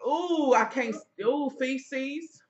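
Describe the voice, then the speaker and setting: A woman giving heated, profane commentary as she reviews a reality TV episode, sassy and loud. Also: high voice, drawn-out words, muffled recording.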